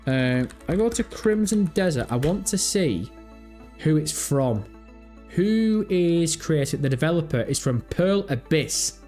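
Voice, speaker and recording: A man hosting a casual gaming livestream, thinking out loud and reading chat messages and search results. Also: fairly high pitch, lively intonation, slow pace, faint music behind.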